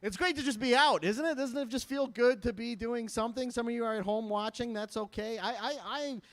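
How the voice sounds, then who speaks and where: A man's voice: extremely high pitch, a little fast, no room sound. A man in his thirties from Michigan doing a stand-up comedy set, self-deprecating and chatty with the audience. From Michigan, USA. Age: 30s. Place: live event stage at a school fundraiser.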